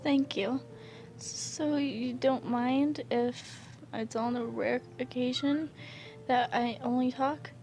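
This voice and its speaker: A woman's voice: high-pitched, steady tone, faint music behind. A woman voicing a shy, stammering young man. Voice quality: stammering, halting. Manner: soft, hesitant, repeats words. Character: shy, anxious young man who rarely speaks. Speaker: guest reader. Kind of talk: fan fiction reading.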